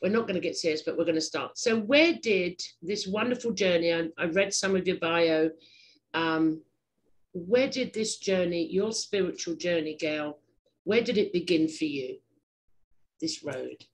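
A woman's voice: on the low side, a little slow, low-quality recording. Chatty English woman hosting a podcast. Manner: chatty, digressive, laughs easily. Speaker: podcast host. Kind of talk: casual interview chat.

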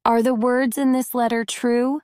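A stern male judge with something to hide, read by a woman. The lines come slowly and plainly, in a somewhat high voice with a dry, close sound. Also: flat delivery, a little mellow, smooth, no echo, lightly acted. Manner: slow, simple, careful reading.

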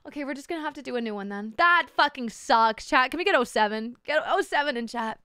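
A young woman streamer talks to her chat with a high, bright voice and crisp, clean diction. She is excitable and playful and swears freely. The recording is dry and close-miked. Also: fast talker, hardly any pauses, dry recording. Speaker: VTuber streamer. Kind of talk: casual livestream chat.

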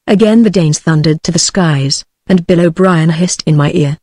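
A text-to-speech female voice with a British English accent, narrating an audiobook in an even, machine-read manner. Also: lowish voice, moderate pace, hardly any pauses, slightly rough, no room sound.

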